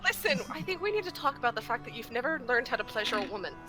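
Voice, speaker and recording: A woman's voice: fairly high pitch, big pitch swings, rapid-fire. A woman playing a tabletop game, teasing the others bluntly in casual in-character banter. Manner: teasing, blunt, laughing often. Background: background music.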